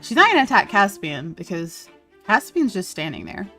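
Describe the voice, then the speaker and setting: A woman's voice: medium pitch, huge pitch swings, normal speed, bright, forceful tone, soft background music. Woman player thinking aloud at a tabletop game. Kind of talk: casual in-character planning at a tabletop game.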